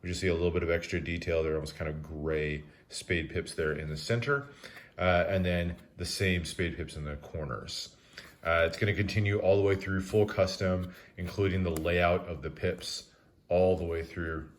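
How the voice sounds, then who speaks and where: A man giving a relaxed, methodical review of a deck of playing cards, with frequent "uh" fillers. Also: low-pitched, moderate pace. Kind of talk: casual product review narration.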